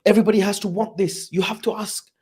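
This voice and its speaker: A man doing an impression of an insistent football manager, lifting his voice high and hammering the same point over and over. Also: steady tone, fast, husky. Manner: high, emphatic, coaching repetition.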